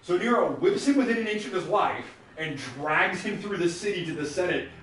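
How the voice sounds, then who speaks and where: A man's voice: high-pitched, a little fast, recorded from a distance, a little hiss or hum. A man casually telling a long tabletop game story while playing a video game, acting out the characters he quotes. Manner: animated, acts out quoted characters. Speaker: let's play co-host. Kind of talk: casual storytelling over gameplay. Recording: echoey room, off-mic.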